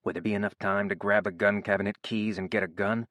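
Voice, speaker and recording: A man narrating an audiobook in a steady, even storytelling voice. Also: lowish voice, fast, no echo, studio quality. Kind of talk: scripted narration.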